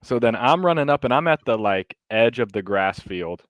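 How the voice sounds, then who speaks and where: A man co-hosting a podcast, telling a story in casual, animated chat with lots of fillers and some swearing. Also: medium pitch, moderate pace, no room sound. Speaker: podcast co-host.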